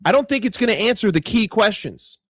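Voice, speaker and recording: A young man rants casually about football on his vlog, swearing often. His voice sits high and leaps around. The sound is dry and close. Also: brisk, no echo. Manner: profane, animated, chatty. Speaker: football vlogger.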